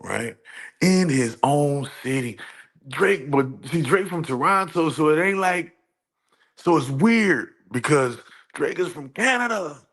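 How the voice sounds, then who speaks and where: A man with a New Orleans accent hosting a casual commentary vlog, rambling and animated, climbing into incredulous squeaks. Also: slow. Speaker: vlog host.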